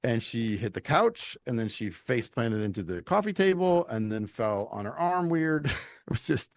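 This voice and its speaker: A middle-aged man from Louisiana, a leadership coach talking as a podcast guest in an animated, emphatic, folksy storytelling way. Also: mid-range voice, moderate pace, no echo. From Louisiana, United States. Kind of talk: conversational interview.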